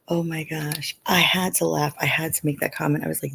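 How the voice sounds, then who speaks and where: A woman's voice: low voice, little pitch movement, fairly quick, vocal fry, hardly any pauses, a bit bright, a little hiss or hum. A middle-aged woman hosting a live stream, chatting casually with viewers and often saying "you know".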